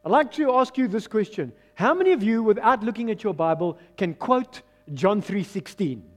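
Animated South African pastor preaching. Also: male voice, sits high, normal speed. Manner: lively, coaxing call-and-response with the congregation. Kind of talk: sermon.

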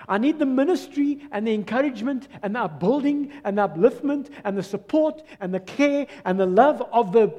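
A man with a South African accent preaching a sermon as pastor, swinging from loud exclamations to soft, low asides. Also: big-room sound. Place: church hall.

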